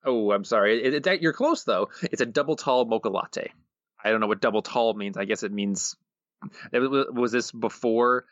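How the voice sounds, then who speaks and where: A man's voice: medium pitch, normal speed, a bit bright, no room sound. A man co-hosting a podcast in casual chat, dry and wry. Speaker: podcast co-host. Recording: dull dry lo-fi sound.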